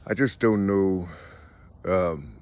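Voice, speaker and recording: Man, middle-aged, very low voice, rambling casual monologue, lots of fillers, swears a lot. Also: darkish tone. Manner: halting, many fillers and "you see"; swears freely. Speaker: vlogger.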